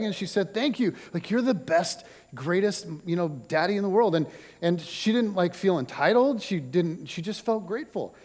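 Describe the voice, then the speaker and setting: A middle-aged male pastor with a slightly raised pitch, talking through his sermon in a loose, chatty way full of little asides and dry jokes. His voice rings out with a long reverb from a church hall. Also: a little mellow. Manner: casual and chatty, with many fillers and wry jokes. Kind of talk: conversational sermon. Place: church auditorium.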